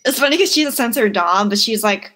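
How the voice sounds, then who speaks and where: Lively young woman, higher voice. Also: fast. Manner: animated storyteller, laughs often, acts out family dialogue. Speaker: podcast guest. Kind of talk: casual chat.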